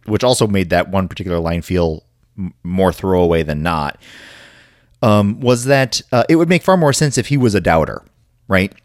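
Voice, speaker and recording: A low-voiced man adds to a casual talk, recorded close and dry. He mostly gives short agreements before laying out his own point in a measured way. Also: dry recording. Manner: brief agreeing backchannels, then a measured point. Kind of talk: casual discussion.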